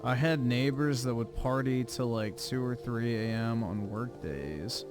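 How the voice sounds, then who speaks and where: A man's voice: mid-range voice, measured pace. A man hosting a livestream, reading viewer donations aloud in casual chat with an offhand, blunt manner and casual swearing. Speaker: livestream host. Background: music playing under the voice.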